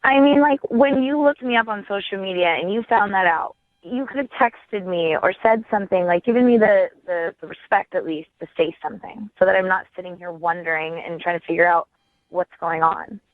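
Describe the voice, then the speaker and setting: A woman's voice: mid-range voice, a little fast, no room sound. A woman in her twenties calling in to a radio show, speaking directly and firmly. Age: 20s. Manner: direct, firm. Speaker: caller. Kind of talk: phone call on radio. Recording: tinny phone line.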